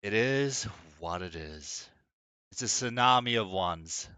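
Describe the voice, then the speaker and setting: A man's voice: fairly low pitch, lively intonation, slow, pushed and bright, smooth, no echo. A man streaming live, giving casual reaction commentary in a crude, mocking, joking way.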